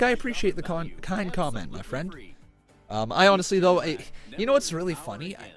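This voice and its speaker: A man on a live stream calling wrestling matches with a fairly high voice, shouting excitedly when the action heats up. Between moves he drops into a relaxed chat with his viewers. His microphone is a cheap one. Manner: yells and cheers during big moves, chats calmly between them.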